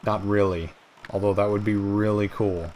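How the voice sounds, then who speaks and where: A man's voice: on the low side, fairly even intonation, normal speed, a little mellow, a little hiss or hum. A young man hosting a let's play, chatting in a rambling, self-mocking way with many fillers. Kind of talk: gameplay commentary.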